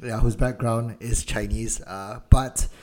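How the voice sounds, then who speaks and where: A man with a Malaysian accent, co-hosting a casual film podcast, speaking slowly and deliberately. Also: medium pitch, steady tone. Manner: deliberately slowed, measured speech. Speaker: podcast co-host.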